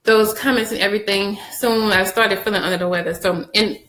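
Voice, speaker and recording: A woman recapping a TV episode for her viewers, chatty and animated, addressing them directly and laughing often. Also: medium pitch, fairly quick, reverberant, poor audio. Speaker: TV show reviewer.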